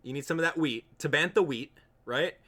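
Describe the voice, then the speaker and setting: A man's voice: on the high side, a little fast, a bit bright. A young man chatting casually while streaming a game live, joking with viewers and laughing often. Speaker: gaming streamer. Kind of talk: live gameplay stream chat.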